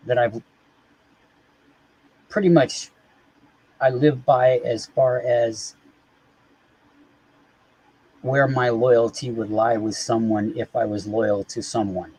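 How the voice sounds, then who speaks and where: A man talking loosely on a live stream, his voice sitting at an ordinary middle pitch with a husky, slightly breathy edge. He rambles from thought to thought and swears often, in an offhand, unguarded way. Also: steady tone, takes it slowly, long pauses, darkish tone, rough recording. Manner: rambling and profane. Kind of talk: casual live stream chat.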